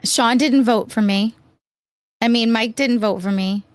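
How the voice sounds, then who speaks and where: A female podcast co-host trading bawdy, playful jokes with her partner. Her voice is a little higher than most women's, and it is recorded dry and close. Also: unhurried, no echo. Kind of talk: casual podcast banter.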